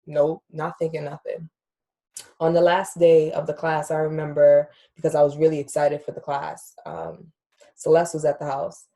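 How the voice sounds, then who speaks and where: Young woman podcast host, low-ish voice, emotional and blunt, casual storytelling. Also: warm tone. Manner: candid, emotional, swears freely, addresses listeners as y'all.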